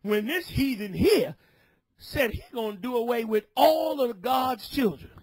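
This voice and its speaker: Shouting husky-voiced male preacher. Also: very high-pitched, expressive, measured pace, dry recording. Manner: shouting, scolding. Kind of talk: fiery sermon.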